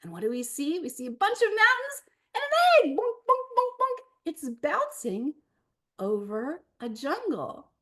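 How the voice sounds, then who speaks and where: Brief: woman author reading to kids, high, very lively voice, slow and expressive. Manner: animated and expressive, with gasps and laughter. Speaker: children's book author. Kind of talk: picture-book read-aloud.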